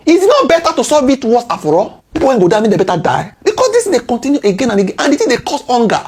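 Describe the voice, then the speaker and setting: A woman's voice: high-pitched, very animated, fast, a little mellow, breathy edge. A woman with a Nigerian accent mixing in Pidgin, giving impassioned political commentary full of indignant rhetorical questions and repeated key words.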